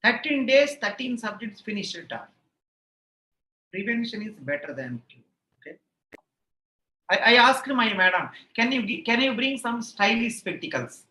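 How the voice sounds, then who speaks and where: A man's voice: extremely high pitch, lively intonation, moderate pace, long pauses, bright, forceful tone. Indian English male tutor, chatty live-class asides, looping repetitions, recorded in an echoey room. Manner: repeats phrases, rambling anecdotes, playful self-mockery. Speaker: online exam-prep teacher.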